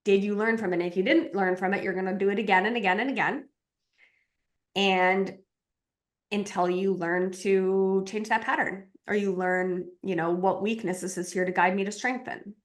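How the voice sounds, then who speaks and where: Woman as a spiritual coach, animated, acts out inner voices, mid-pitched voice. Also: normal speed.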